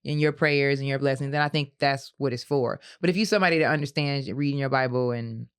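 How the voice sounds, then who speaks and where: Extremely low in pitch, smooth and fast, this woman co-hosts a casual podcast chat. She's a lively storyteller who laughs a lot and performs the voices of her characters.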